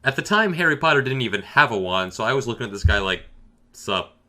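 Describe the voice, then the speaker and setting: Sarcastic guy telling a funny story, deadpan, bright punchy voice. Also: medium pitch, fast. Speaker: gaming storyteller. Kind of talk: comedic storytime narration.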